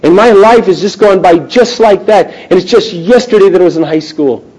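A man in his thirties delivers an earnest, evangelical sermon in a high voice with a bright edge, speaking directly to his listeners at a moderate pace. He drives hard with urgent emphasis, then drops to a near hush before building again. The recording is rough.

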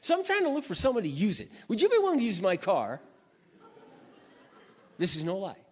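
An older man preacher telling a personal story in a sermon, acting out his prayers and phone calls with lively emotion. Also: a little fast, breathy edge. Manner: animated storyteller, acting out his own prayers with rising pitch. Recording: dull reverberant hall sound.

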